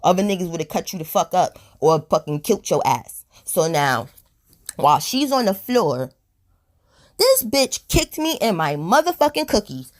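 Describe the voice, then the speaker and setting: A woman telling a storytime on her vlog in a blunt, profane, animated way, a little high and tipsy. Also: moderate pace. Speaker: storytime vlogger. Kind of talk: casual storytime monologue.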